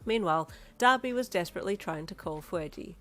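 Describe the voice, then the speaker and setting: A woman narrating a second-person fanfiction audio story in an even storytelling manner. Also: fairly low pitch, brisk, soft background music. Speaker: fanfiction reader.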